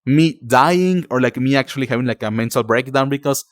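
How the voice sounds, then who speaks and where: A man's voice: mid-range voice, fairly quick, no echo, studio quality. A young man from Mexico, a native Spanish speaker with a Mexican Spanish accent, chatting casually with stream viewers, rambling with many fillers and calling them darling. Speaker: livestreamer.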